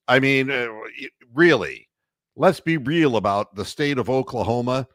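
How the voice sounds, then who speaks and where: A man hosting a casual sports radio chat, talking in an animated, mocking way and laughing as he goes. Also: mid-range voice, moderate pace, dry recording. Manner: puts on announcer and referee voices. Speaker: sports talk radio host.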